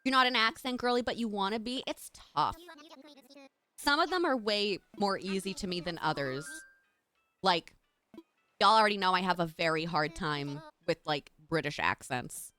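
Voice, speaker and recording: A woman's voice: mid-range voice, moderate pace, pushed and bright, faint music behind. A woman streamer chatting casually with her live chat while playing a game. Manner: chatty, bubbly, talks to chat.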